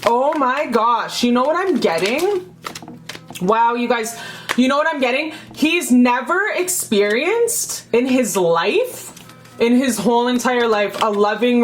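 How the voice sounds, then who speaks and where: A young woman with a fairly high voice runs through a casual tarot reading, chatty and emphatic. She swears freely and circles back over her own phrases as she talks. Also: expressive, a little slow, faint music behind. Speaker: tarot reader.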